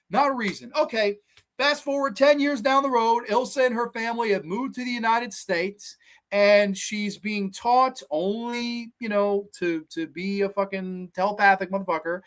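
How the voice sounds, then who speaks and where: A host reviewing episodes in a casual rant, profane and exasperated, swearing often, with pitch jumping when worked up. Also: fairly bright tone.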